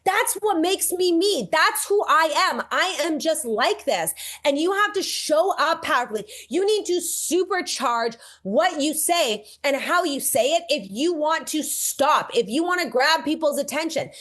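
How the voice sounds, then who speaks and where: High-pitched woman on a podcast, super intense and punchy, really pushes every line. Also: animated, measured pace, hardly any pauses, a bit bright. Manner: intense, emphatic, punchy delivery. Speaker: podcast guest, social media creator. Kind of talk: casual podcast conversation.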